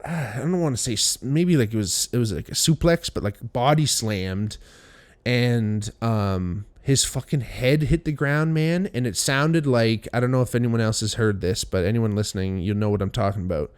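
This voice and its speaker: A young man spins a casual podcast story in an animated, profane way, acting out the lines of the people in it. His voice sits at an ordinary middle pitch for a man. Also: moderate pace, smooth. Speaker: podcast host.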